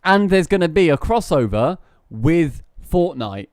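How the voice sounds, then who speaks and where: A man's voice: on the high side, big pitch swings, a little slow, dry recording, studio quality. A man co-hosting a podcast, chatting with enthusiasm. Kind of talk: casual podcast chat.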